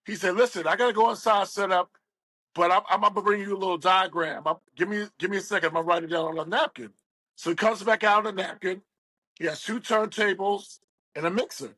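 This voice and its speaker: Bright high-voiced man telling stories. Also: fast, no room sound, rough recording. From West Virginia. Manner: animated storyteller, acts out quoted voices. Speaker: guest, radio DJ. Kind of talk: storytelling interview.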